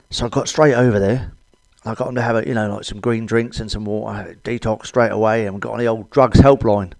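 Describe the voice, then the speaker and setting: A man's voice: mid-range voice, fairly even intonation, brisk, creaky, a little mellow, no room sound. Crude, blunt British man telling jokes. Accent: British English. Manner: swears a lot, blunt and cheeky. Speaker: stand-up comedian. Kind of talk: crude stand-up comedy monologue.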